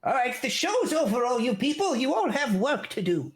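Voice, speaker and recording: A man voicing a tiny, very old male gnome leader who is gruff, commanding and a little out of breath. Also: big pitch swings, moderate pace, heavily acted. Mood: stern. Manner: high, huffing, commanding and brusque.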